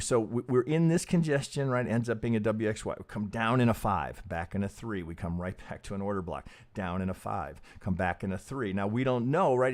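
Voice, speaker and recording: A man hosting a casual trading live stream, thinking aloud as he goes, swearing freely and asking "right?" again and again. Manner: pitch jumps up when emphatic, drops low and soft when muttering.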